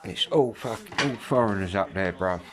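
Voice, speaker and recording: Man, kent accent, rambling chatty monologue, lowish voice, lots of slang. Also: normal speed, crowd noise. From Kent, England. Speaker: vlogger. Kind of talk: casual monologue to viewers.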